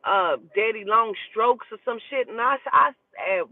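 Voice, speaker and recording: A woman who works as a spiritual advisor, telling a personal story in a lively, profane, gossipy way and acting out the dialogue. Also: fairly high pitch, moderate pace, dry recording. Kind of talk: casual storytelling. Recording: tinny phone-like dry sound.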